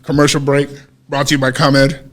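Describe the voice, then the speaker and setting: A man's voice: medium pitch, moderate pace, slight background noise. A man casually telling a long personal story on a podcast, swearing freely and acting out what people said. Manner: animated, profane storytelling with acted-out quotes. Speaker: podcast co-host.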